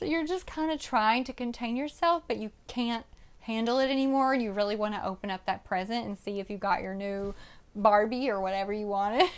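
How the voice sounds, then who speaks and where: A woman with a slightly high voice teaching singing and speaking technique in a casual on-camera lesson. She talks in an animated way and keeps checking in with her viewers. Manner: breaks into loud demonstrations of vocal technique. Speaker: voice and music coach.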